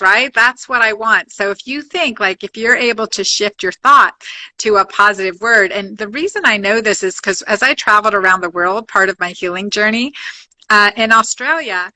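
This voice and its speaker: Bright-voiced woman doctor, upbeat. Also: mid-range voice, normal speed, poor audio. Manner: upbeat, restarts often, speaks in lists. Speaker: physician guest. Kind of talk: podcast interview.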